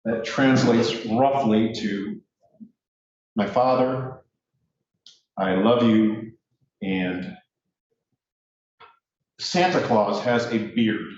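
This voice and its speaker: A man's voice: on the low side, drawn-out words, pauses often, darkish tone, slight background noise. A man giving a joking, self-deprecating speech at a ceremony. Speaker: speaker at a ceremony. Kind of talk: casual speech. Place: courtroom. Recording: echoey room from far off, dull.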